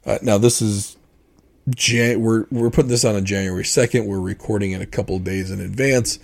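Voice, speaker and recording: A gravelly, rough-edged male voice with a slightly low pitch. He co-hosts a casual podcast, talking things through in an opinionated, explanatory way, often pausing on fillers and restarting sentences. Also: fairly even intonation. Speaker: podcast co-host. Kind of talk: casual chat.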